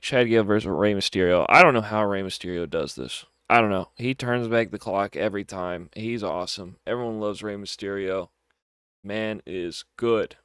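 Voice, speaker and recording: Young male reviewer, low-ish voice, upbeat and chatty, doubles up words, recorded close and dry. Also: a bit bright, clean tone, no echo. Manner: enthusiastic, repeats words for emphasis. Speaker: wrestling show reviewer. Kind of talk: casual solo review.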